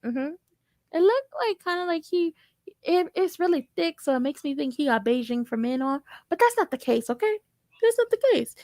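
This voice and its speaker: Sassy young woman doing a tv episode recap, jokey and animated, high voice, dry close sound. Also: moderate pace, no room sound. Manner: sassy, joking, animated storytelling. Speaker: tv recap vlogger.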